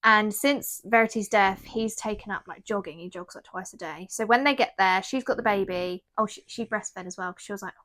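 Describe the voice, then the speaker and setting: A woman's voice: medium pitch, brisk, hardly any pauses, a bit bright. A woman, casually retelling a novel's plot on a podcast and quoting its characters. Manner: chatty retelling, quotes characters. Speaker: podcast co-host. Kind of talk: casual book chat.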